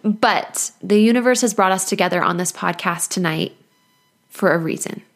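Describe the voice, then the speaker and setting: A woman's voice: on the low side, moderate pace. Earnest, encouraging woman life coach. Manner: earnest and encouraging, laughs often, playful asides. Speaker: life coach and podcast host. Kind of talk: motivational podcast monologue.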